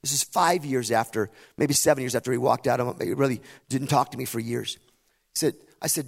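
A man's voice: medium pitch, brisk, creaky. A middle-aged man, a pastor, telling a personal story in a sermon and building to impassioned emphasis. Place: camp meeting hall. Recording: long hall reverb.

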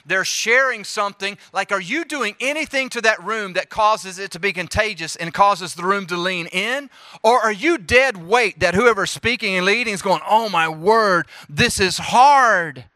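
Lively Southern-accented man preaching. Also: high-pitched, dry recording, clean studio sound. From Jackson, Mississippi. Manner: lively, preacherly, talks straight to the audience. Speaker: youth ministry speaker. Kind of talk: leadership talk to a youth group.

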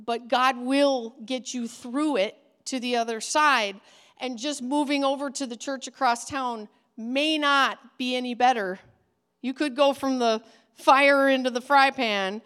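Earnest high-voiced woman teaching. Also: fairly even intonation, unhurried, a bit bright, smooth. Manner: earnest, emphatic, conversational. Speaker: ministry trainer for children's pastors. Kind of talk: teaching talk.

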